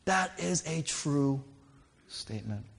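A man's voice: a little high, lively intonation, slow, gravelly. A man in his thirties giving a sermon as a pastor, telling a story earnestly and with emphasis. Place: church. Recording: reverberant hall.

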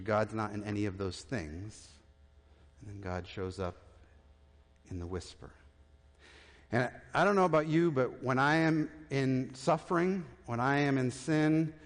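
A man preaching a sermon as pastor, conversational, with restarts, and dropping to a hushed voice for tender points. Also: mid-range voice. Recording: reverberant church hall.

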